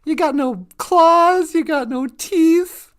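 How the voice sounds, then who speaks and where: A man's voice: very high voice, slow pace. A man doing a sly, teasing fox. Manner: teasing, brash and chatty. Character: sly joking male fox, egg thief.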